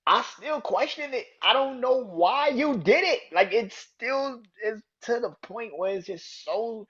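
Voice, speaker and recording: A man hosting his own podcast, ranting angrily and swearing, jumping from loud outbursts to low mutters. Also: expressive, measured pace, hardly any pauses, breathy edge. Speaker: podcast host. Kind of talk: casual solo podcast rant. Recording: dull lo-fi sound.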